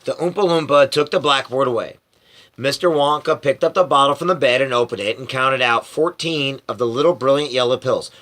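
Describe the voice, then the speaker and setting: Bright-voiced man reading a story aloud. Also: medium pitch, fairly quick. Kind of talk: storybook read-aloud narration.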